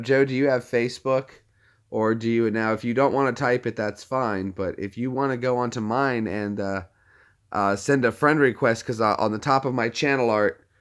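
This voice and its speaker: A man hosting a casual livestream, chatty and upbeat, talking straight to his viewers. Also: medium pitch. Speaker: livestream host.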